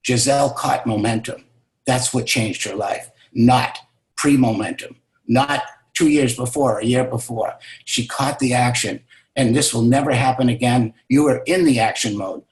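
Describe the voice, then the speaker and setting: A man's voice: mid-range voice, moderate pace. Male business mentor, motivational storyteller, emphatic and repetitive, mid-range voice, echoey room. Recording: roomy echo.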